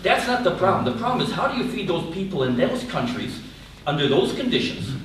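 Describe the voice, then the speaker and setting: A man's voice: high-pitched, very animated, brisk. An older man with a Southern American accent, speaking bluntly and with exasperation as a professor emeritus from the audience of a panel discussion. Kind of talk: public panel discussion comment. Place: large lecture hall. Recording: echoey hall, distant mic, faint noise.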